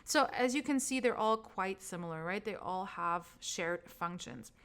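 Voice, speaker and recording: A woman with as her gives a recorded course lecture on brain anatomy in a relaxed teaching voice. She talks in a casual, chatty way and laughs at her own slips. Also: medium pitch, unhurried, clear, resonant tone. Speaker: trauma healing instructor.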